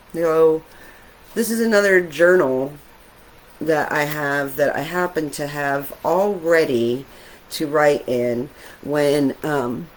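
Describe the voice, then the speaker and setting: A middle-aged woman, an artist, talking casually and reflectively while showing her sketches, with soft laughs now and then. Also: sits low, poor audio.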